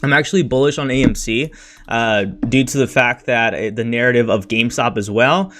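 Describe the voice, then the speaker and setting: Over some background noise, a man at medium pitch and moderate pace rants on a casual livestream about crypto and the money he's lost. He's blunt, slangy, and frustrated, repeatedly saying "freaking," "bro," and "dude" as he talks markets.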